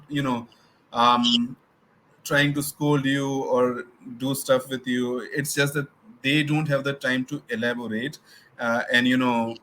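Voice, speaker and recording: A man's voice: medium pitch, a bit bright, low-quality recording. Man, co-host, frank and teasing, faint noise in the background. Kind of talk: casual chat.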